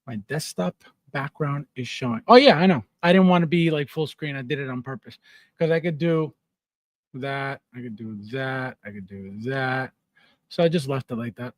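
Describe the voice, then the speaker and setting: This casual livestream features a man with a mid-range voice speaking at a moderate pace, recorded at studio quality with no room sound. He reads comments aloud, laughs a lot, and plays up repeated words for comedy.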